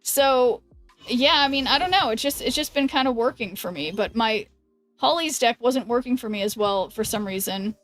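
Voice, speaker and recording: Woman game streamer, slightly high pitch, casual think-aloud commentary to chat, soft music bed. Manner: thinks aloud, halting restarts, chats with viewers. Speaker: streamer playing a card game.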